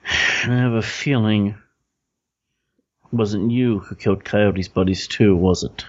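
A man's voice: on the low side, a little slow, darkish tone, lo-fi sound. A man voicing a bitter, proud gang leader who lectures with scorn. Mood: weary.

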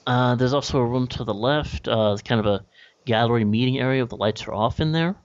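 A man's voice: mid-range voice, a little fast, no room sound. A man narrating a tabletop game as game master, describing scenes casually with many fillers. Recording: dull lo-fi dry recording.

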